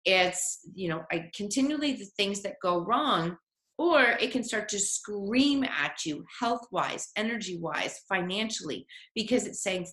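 A woman's voice: mid-range voice, animated, a little slow, a bit bright. A woman giving an earnest, encouraging motivational talk as a life coach, sometimes voicing an inner voice. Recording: echoey room.

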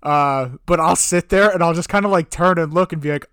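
A man co-hosting a podcast, chatting casually in a relaxed, rambling way, leaning on "like" a lot. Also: a little high, a little fast, smooth, no room sound, studio quality. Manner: relaxed, rambling, heavy use of "like". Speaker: podcast co-host. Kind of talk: casual chat.

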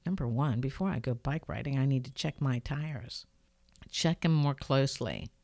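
A woman's voice: a bass voice, moderate pace, no echo. An older woman hosting her own podcast from her home studio, telling a personal story in an earnest, reflective way. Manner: earnest, reflective, lively when retelling events. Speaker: podcast host. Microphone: studio microphone.

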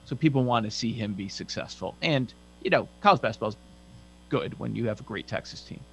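A man co-hosting a sports podcast, asking questions in a relaxed conversational way. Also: mid-range voice, fairly quick, gravelly, husky, low-quality recording. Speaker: podcast co-host. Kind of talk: casual sports chat.

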